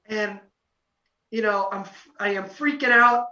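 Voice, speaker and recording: A young man telling a story as a podcast guest, excited and rambling, full of fillers. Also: high-pitched, takes it slowly. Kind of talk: casual storytelling. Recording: roomy, distant, dull lo-fi podcast audio.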